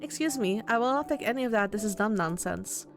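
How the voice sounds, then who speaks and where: Lady doing a fond grandma voice, low and steady, soothing but firm, faint game music behind. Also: a little fast. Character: warm, doting grandmother, older woman. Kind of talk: visual novel voice acting.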